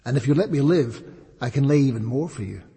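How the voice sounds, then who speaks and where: A man's voice: mid-range voice, lively intonation, quick pace, gravelly, warm tone, husky, big-room sound, pitched above the performer's own voice, full character voice. A man voicing a polite female magic goose who pleads in courteous, formal words. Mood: pleading.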